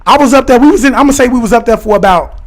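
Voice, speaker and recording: A man chatting casually on a livestream, rambling excitedly and talking directly to his viewers and their comments. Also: extremely high pitch, very fast. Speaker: live streamer talking to chat.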